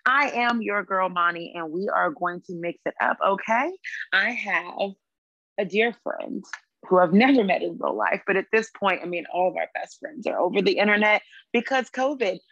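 A woman's voice: mid-range voice, gravelly, fairly bright tone, dry recording, lo-fi sound. Chatty woman podcast host, dry sound. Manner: chatty, quick quips and laughs. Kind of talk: casual chat.

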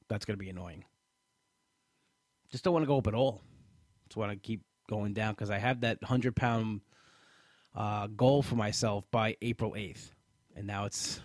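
A man's voice: lowish voice, no echo, clean studio sound. A man, a comedian, talking casually about his weight loss in a frustrated, rambling way with many restarts. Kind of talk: casual monologue.

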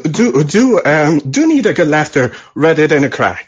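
A husky man with a French accent calls in from France, and his voice swings widely in pitch. He argues his point in a playful, blunt manner and laughs often. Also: very animated, moderate pace. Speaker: caller. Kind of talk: call-in opinion.

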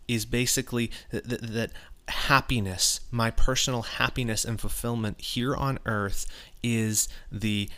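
A man's voice: medium pitch, a bit bright. A man hosting a podcast, teaching from the Bible in an earnest, casual way, often restarting phrases. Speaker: podcast host.

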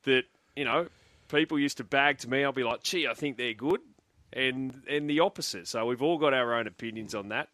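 An Australian man hosts a sports radio show in a mid-pitched voice. He reads listener texts briskly and chats easily. The sound is dry and close. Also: fairly bright tone, dry recording. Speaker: radio host.

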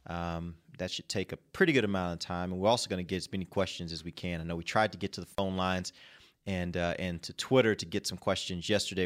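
A man hosting a casual sports talk show, easygoing and teasing his co-hosts. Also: low-pitched. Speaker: podcast host.

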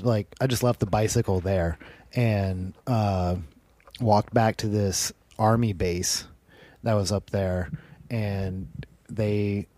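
A man talks through a long misadventure in a loose, rambling way, filling every gap with "like" and a bit of swearing. His voice sits a little low. The room is dry and close. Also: warm tone, no echo. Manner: rambling, heavy use of "like", swearing. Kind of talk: casual storytelling.

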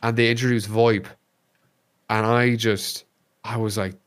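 An Irish man, a streamer guest on a podcast, chatting casually and telling animated stories, swearing freely. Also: on the low side, unhurried. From Ireland. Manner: animated storyteller, swears freely, acts out quotes.

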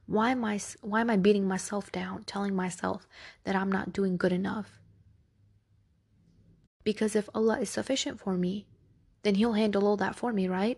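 A woman hosts her podcast in a casual, earnest voice, reassuring her listeners and checking in with them as she goes. Her tone is husky and breathy, with a gravelly fry at the edges. She sits at a middling pitch for a woman. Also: darkish tone. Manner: earnest, reassuring, conversational, often adds "right?". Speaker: podcast host. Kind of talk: casual religious podcast talk.

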